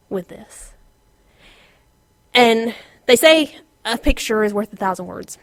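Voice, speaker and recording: A middle-aged woman gives an informal Bible lesson with a lively, expressive delivery. She laughs often and sinks into a whisper to stress a point. Her voice sounds dry and close, with a mid-range pitch. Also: slow, no room sound. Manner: animated, laughs often, drops to a whisper for emphasis. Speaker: Bible teacher.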